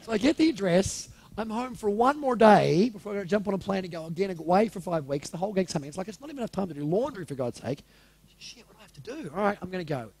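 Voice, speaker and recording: A man's voice: high-pitched, expressive, very fast, gravelly, few pauses, a little mellow, slightly rough. A man in his forties telling a personal story to a live audience in a candid, casual way, swearing freely and asking the room questions. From Australia. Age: 40s.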